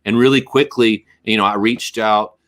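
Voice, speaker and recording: A man's voice: on the low side, steady tone, moderate pace, a bit bright. Rambling, joking male musician. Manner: rambling, self-mocking, breaks into goofy voices. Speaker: musician guest. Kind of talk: casual podcast chat.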